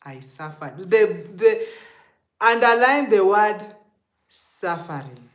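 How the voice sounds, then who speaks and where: Kenyan woman vlogging, lively up and down voice, slow and roomy sound. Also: mid-range voice. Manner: animated, laughing, drops to hushed asides. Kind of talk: casual storytelling to camera. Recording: echoey room.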